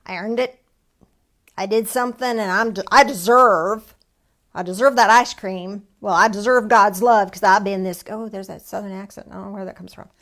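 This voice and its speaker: A woman leading an online church service, preaching conversationally, asking herself questions and answering them aloud, with a folksy, self-deprecating touch. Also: mid-range voice.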